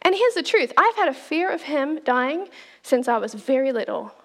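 Brief: middle-aged woman preacher, high and lively voice, animated storytelling with laughs. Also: moderate pace. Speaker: speaker at a church talk. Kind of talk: storytelling sermon.

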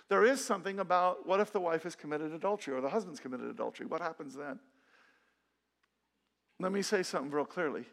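Middle-aged male pastor, slightly high-pitched, earnest conversational sermon with restarts. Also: fairly quick, fairly bright tone. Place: church sanctuary.

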